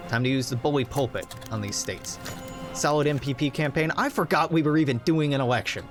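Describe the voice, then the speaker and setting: A man's voice: fairly high pitch, expressive, brisk, soft background music. A young man reading game event text aloud, breaking off into wry, joking asides. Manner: wry, joking asides between read-out passages. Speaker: game streamer.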